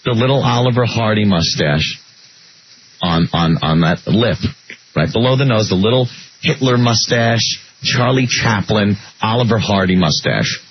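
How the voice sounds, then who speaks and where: A man's voice: fairly low pitch, lively intonation, measured pace, a little hiss or hum. A man hosting a radio show, blunt and mocking toward a caller. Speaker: radio host. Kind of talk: radio banter. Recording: dull lo-fi broadcast audio.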